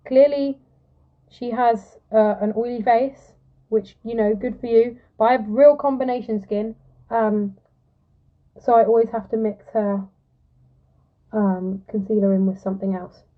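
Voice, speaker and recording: A chatty, giggly young woman with a fairly high voice, talking straight to her viewers while she does her makeup. The sound is dull and lo-fi, like audio from a phone held close. She keeps it loose and casual, greeting people as they drop in. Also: steady tone, measured pace. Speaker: musical theatre performer hosting a live stream. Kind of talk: casual live-stream chat while doing makeup. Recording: lo-fi phone live-stream audio.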